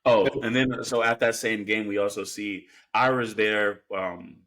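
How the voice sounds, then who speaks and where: A man's voice: on the low side, steady tone, a little slow, a bit bright. A man co-hosting a podcast, recapping a film in a rambling, casual way with lots of fillers. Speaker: podcast co-host. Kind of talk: casual film review chat.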